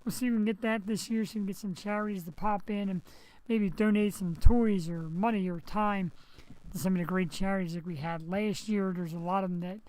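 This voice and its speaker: A man's voice: sits high, fairly even intonation, a little fast, a little mellow, poor audio. A man hosting a live web show from home, chatting casually and rambling through jokey asides while recovering from surgery, on a headset mic. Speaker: host. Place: home setup, streaming.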